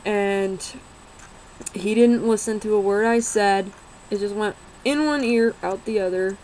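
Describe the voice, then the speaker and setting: Young woman, casual vlog storytelling, unhurried and frank, faint background hiss. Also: medium pitch, darkish tone, rough recording. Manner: unhurried, rambling, swears and laughs while telling.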